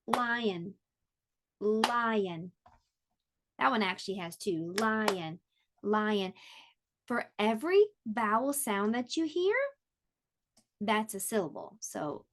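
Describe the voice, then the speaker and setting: A woman teaching an online pre-K lesson, speaking gently and encouragingly and sounding words out clearly for young children. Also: medium pitch.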